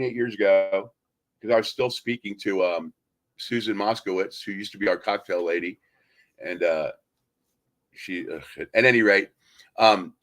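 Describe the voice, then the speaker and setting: A man's voice: medium pitch, a bit bright. A man hosting a talk radio show, telling rambling anecdotes in a casual chat and mimicking other people as he goes. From United States. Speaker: host.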